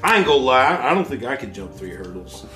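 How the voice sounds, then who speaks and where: A man's voice: mid-range voice, very animated, fast talker, roomy sound, music in the background. A man co-hosting a casual podcast who rambles, laughs and swears as he tells stories. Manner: rambling, laughing, profane storyteller. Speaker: podcast co-host. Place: home garage.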